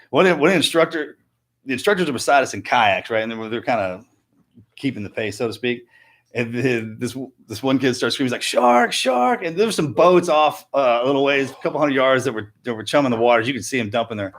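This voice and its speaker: Laid-back storytelling man. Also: medium pitch. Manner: storytelling, laid-back, repeats words as he starts. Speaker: podcast co-host. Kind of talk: casual live-stream chat.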